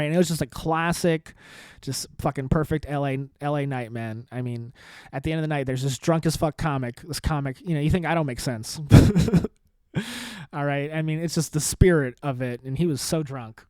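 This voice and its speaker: A man's voice: fairly high pitch, lively intonation, normal speed, darkish tone, dry recording. A male comedian hosting his podcast alone, rambling in a sarcastic, self-mocking way and saying "dude" often. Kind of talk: rambling solo podcast sign-off.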